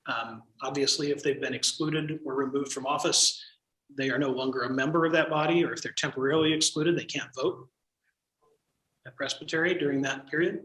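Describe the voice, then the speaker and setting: A man leading a church training session, explaining procedure in a measured, thoughtful way with frequent pauses. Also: medium pitch, steady tone, a bit bright, reverberant, poor audio.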